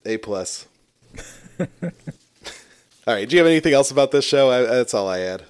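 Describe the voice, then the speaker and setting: A man chatting casually on a podcast, laughing often and cursing freely. His voice sits at an ordinary middle pitch. He sounds loose and unguarded. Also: lively intonation, normal speed, clear, resonant tone. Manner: laughs a lot, swears freely. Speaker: podcast co-host. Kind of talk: casual chat.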